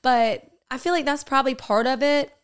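A young woman co-hosting a podcast in casual, jokey chat, talking in quick bursts. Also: sits high, clean tone. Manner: chatty, jokey, talks fast in bursts. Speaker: podcast co-host.

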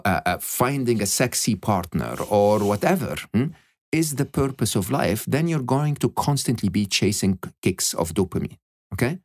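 A man talking as a podcast guest, animated and emphatic, often checking in with "okay?" and "hmm?". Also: lowish voice, dry recording, studio quality. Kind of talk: reflective interview talk.

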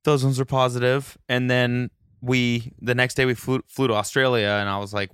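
A man's voice: medium pitch, flat delivery, moderate pace, a bit bright, smooth, no room sound, clean studio sound. A man chatting as a podcast guest, easygoing and fond of corny jokes. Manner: easygoing, joking, dad jokes. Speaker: podcast guest, host's husband. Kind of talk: casual chat.

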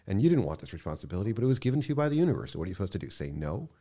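A man speaking as a podcast guest in casual conversation, impassioned, swearing freely and swinging from quiet to loud bursts. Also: fairly low pitch, very animated, very fast.

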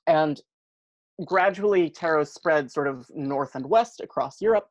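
A man's voice: fairly high pitch, a little slow, dry recording, poor audio. Chatty man explaining at length. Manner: chatty, frequent "um" and "you know", explains at length. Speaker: podcast guest, tarot practitioner. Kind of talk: casual explanatory chat.

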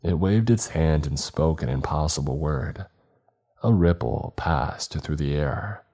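Horror narrator, male, extremely low and dark voice, measured delivery. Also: lively intonation. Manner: measured, dramatic storytelling.

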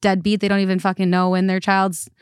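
A woman's voice: mid-range voice, monotone, quick pace, clean tone, dry recording, studio quality. A woman guest co-hosting a podcast, talking casually and emphatically, repeating herself with fillers. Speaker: guest co-host.

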